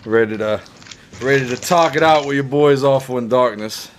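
Man, podcast co-host, from the Caribbean, casual chat, relaxed, middle pitch. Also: moderate pace, slight background noise. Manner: laid-back, laughs often, says bro a lot.

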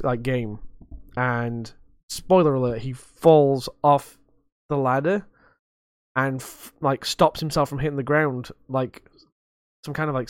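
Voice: medium pitch, clean tone, no echo, studio quality. A young adult podcast host chatting casually, rambling and swearing freely with a self-mocking streak.

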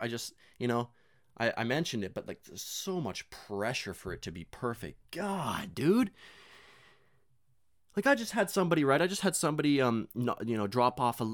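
A man's voice: fairly low pitch, fairly bright tone, no room sound, clean studio sound. A young man rambling casually and profanely in a self-deprecating monologue, full of fillers and restarts.

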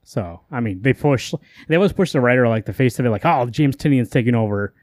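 A man's voice: mid-range voice, animated, a little mellow, no room sound. Rambling casual man, dry close sound. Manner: rambling, quotes characters in quick asides, curses casually. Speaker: podcast co-host. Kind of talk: casual comic book chat.

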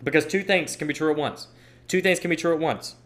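A man's voice: a little high, fast, a bit bright. A young man giving an opinion monologue on politics, emphatic and repeating phrases for stress while he reads posts aloud. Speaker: political commentator.

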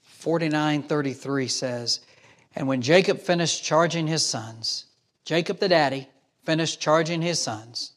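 A man's voice: on the high side, unhurried. A man preaching a sermon as pastor, emphatic, reading scripture aloud and acting out imagined voices.

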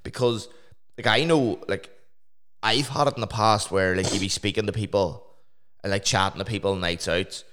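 A man with a very deep, smooth voice talks casually and animatedly. He fills his sentences with fillers and often laughs as he goes. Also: moderate pace, a bit bright. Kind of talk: casual chat.

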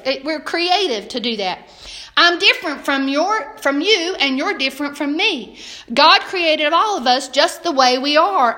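An older woman with a Southern American drawl teaches a Bible lesson in a high, bright voice. She talks in a homespun, chatty way and keeps putting questions to her listeners. The delivery is warm-hearted and conversational rather than preachy. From Southern United States. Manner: homespun, asks the listeners many rhetorical questions. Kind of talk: folksy morning Bible lesson.

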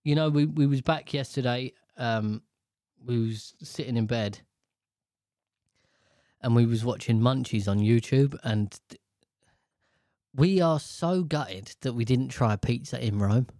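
A man chats casually with a co-host, wandering from point to point with lots of energy. He keeps dropping into quick impressions. The recording is dry and close, with no room echo. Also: medium pitch. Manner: rambling, animated, breaks into voices. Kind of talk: casual chat.

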